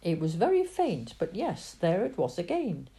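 Expressive woman reading a children's story. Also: fairly low pitch, moderate pace. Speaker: narrator.

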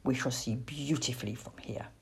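A woman's voice: a bass voice, normal speed, gravelly, a little mellow, breathy edge, voice pushed down, exaggerated voice. A woman reading a storybook and voicing a cheerful, easygoing father barn owl.

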